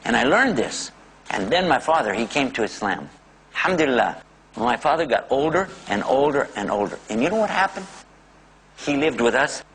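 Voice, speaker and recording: A man telling a personal faith story in a religious talk, animated and acting out the voices. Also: medium pitch, husky, poor audio. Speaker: speaker.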